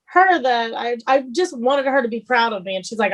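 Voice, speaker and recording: Animated woman guest, slightly high voice. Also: a little fast. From Texas. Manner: animated storyteller. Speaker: guest chef. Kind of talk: casual podcast interview.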